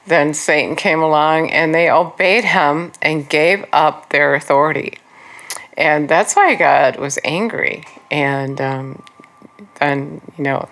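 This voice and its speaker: A woman giving an informal Bible teaching, earnest and conversational, with frequent pauses and fillers. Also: low voice, a bit bright.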